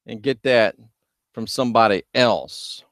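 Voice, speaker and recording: A man hosting a livestream, talking loudly and emphatically while reading viewer chat. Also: medium pitch, a little slow, no echo, clean studio sound. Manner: loud, shouting, emphatic. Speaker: host.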